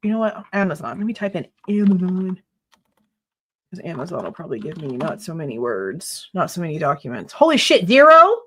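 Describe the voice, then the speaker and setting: A woman's voice: deep voice, lively intonation, brisk, slightly rough. A woman hosting a live true crime stream, reading court documents aloud and ranting in exasperation, swearing freely. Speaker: true crime livestream host.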